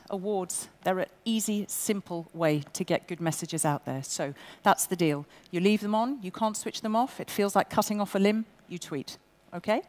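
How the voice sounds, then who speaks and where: A woman's voice: mid-range voice, a little mellow. Bossy woman presenting in a hall. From England. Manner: bossy, brisk and jokey with the audience. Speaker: award ceremony presenter. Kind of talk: live event presenting. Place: large indoor event venue. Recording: long reverb in a large event hall.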